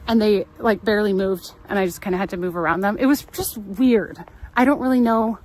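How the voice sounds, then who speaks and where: A woman's voice: medium pitch, fairly quick, low-quality recording. A woman with a Californian accent, hosting a live travel stream and telling a rambling story from inside a car, laughing often. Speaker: travel livestream host. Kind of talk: casual chat while driving.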